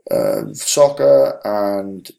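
A man's voice: lowish voice, huge pitch swings, drawn-out words, creaky, dark tone. A middle-aged man hosting a podcast, chatting casually with lots of fillers and restarts. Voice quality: rambling, with many fillers and restarts. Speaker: podcast host. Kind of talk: casual chat.

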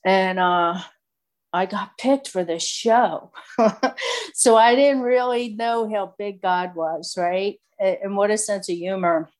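A middle-aged woman shares her recovery story in a candid, rambling personal testimony full of fillers. She speaks slowly in a mid-range voice.

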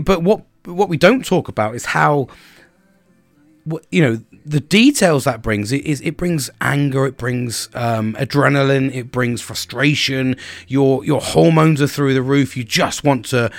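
Speaking in an unhurried, animated mid-range voice, a middle-aged man hosts a podcast with a casual, frank monologue. He swears a lot and stumbles over repeated words at the start of sentences, all in a dry recording.

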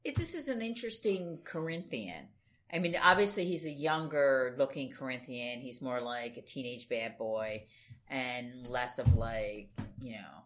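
A woman's voice: rumbling low, a little slow, a little hiss or hum. A woman co-hosting a casual podcast chat about comics, thoughtful and rambling with hedging fillers. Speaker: podcast co-host. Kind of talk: casual comic book discussion.

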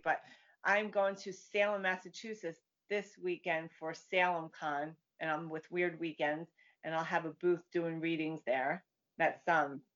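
A woman's voice: fairly low pitch, fairly bright tone. A woman guest, a psychic medium, chatting casually and acting out the voices in her stories. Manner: chatty storyteller, acts out quoted voices. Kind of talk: casual interview chat. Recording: dull lo-fi sound.

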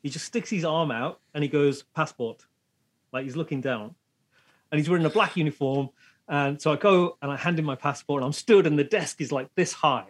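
Husky man telling a lively story. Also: on the high side, fairly quick. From England. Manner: animated anecdote with acted-out voices. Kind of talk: casual storytelling.

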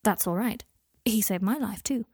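A woman's voice: medium pitch, moderate pace, a little mellow, husky, no echo, clean studio sound, natural voice. A woman voicing an earnest, blunt young man who speaks plainly and directly.

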